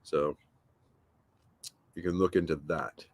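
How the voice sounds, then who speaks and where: A man's voice: a bass voice, steady tone, slow pace, breathy edge, dry recording. Easygoing man chatting with viewers. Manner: rambling, easygoing, thinks aloud with fillers. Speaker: livestream host. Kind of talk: casual chat, reading viewer comments aloud. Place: at home.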